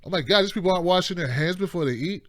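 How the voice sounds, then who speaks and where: Male call-in show host, high voice, dry close mic, rants emphatically with sarcastic asides. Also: very fast, dry recording. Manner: rambling, emphatic, mocking asides. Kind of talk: impassioned political commentary.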